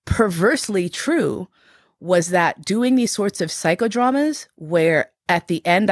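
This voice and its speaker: A woman with a slightly low voice speaks candidly as an interview guest, reflective and frank. She grows animated as she retells events. The sound is dry and close, with no room around it. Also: dry recording. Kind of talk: candid personal storytelling.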